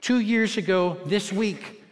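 Older American male pastor, sixties, high-pitched, wry self-mocking preaching style, reverberant auditorium sound. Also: takes it slowly. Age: 60s. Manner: self-mocking storytelling, turning earnest. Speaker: teaching pastor. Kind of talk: humorous sermon. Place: large church auditorium.

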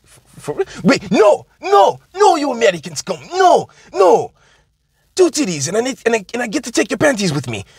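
A man voicing a gruff, defiant captured terrorist with a thick put-on foreign accent who spits insults. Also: extremely high pitch, wildly swooping pitch, moderate pace, darkish tone, no echo, studio quality, pitched above the performer's own voice, heavily acted. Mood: greedy, excited.

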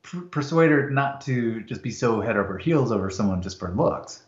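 A man's voice: medium pitch, animated, moderate pace. A man hosting a podcast who talks hesitantly and picks his words as he goes. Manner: hesitant, with many fillers and restarts. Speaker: podcast host. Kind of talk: conversational literary discussion. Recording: roomy, dull lo-fi sound.

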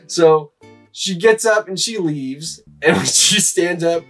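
A young man co-hosting a podcast, with a voice pitched a little high. He tells stories with animation and laughs often. He sits a bit off the mic, with faint music behind him. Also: slow pace, pauses often, a bit bright, far from the mic. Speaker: podcast co-host. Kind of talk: casual podcast chat.

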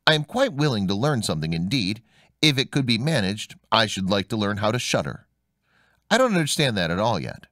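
A man's voice: on the low side, very animated, brisk, a bit bright, no echo, studio quality. A man voicing a simple, fearless young man who speaks plainly, stubborn and earnest, in a storybook reading.

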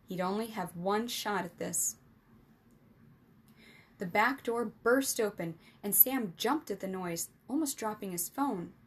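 A woman reading an adventure storybook aloud as the storyteller, with lively, expressive narration. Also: medium pitch, slow pace, husky.

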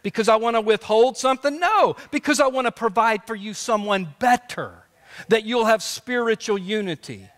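A male pastor preaching a sermon with passion, dropping soft and then rising to shouts. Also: high voice, moderate pace. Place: church sanctuary. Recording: long church reverb.

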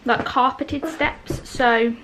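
A woman's voice: high-pitched, steady tone, slow pace. A woman chatting to the camera in a casual home vlog. She rambles and keeps breaking off to coo at and scold her small kids. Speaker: vlogger and mother. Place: family home indoors and in the garden. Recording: noisy home camera recording.

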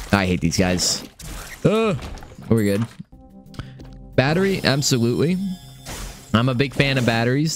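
A young man commentating his own game run, excitable and swearing, talking to himself. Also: lowish voice. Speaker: gaming streamer. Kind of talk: live let's-play commentary.

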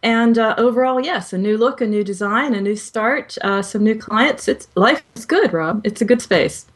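A woman's voice: on the high side, moderate pace. A woman co-hosting a tech show, chatting in an upbeat way and laughing easily. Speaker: co-host. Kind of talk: casual show banter.

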